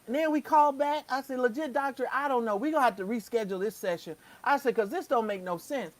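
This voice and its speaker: A woman's voice: on the high side, a little fast, hardly any pauses. A woman co-hosting a live stream, chatting casually and acting out quotes as she tells a story. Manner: animated storyteller who acts out quotes. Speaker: co-host of a live stream show. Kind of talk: casual chat.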